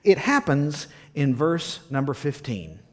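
A male pastor preaching a sermon, asking the congregation questions and swinging between loud emphasis and hushed near-whispers. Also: fairly high pitch, very animated, measured pace.

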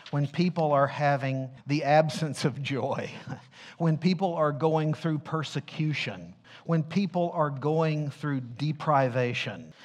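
A male pastor preaching in an unhurried, deliberate rhythm. His voice sits a little high and swings widely, leaning on emphatic call-and-response questions and then sinking to a hush. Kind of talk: sermon.

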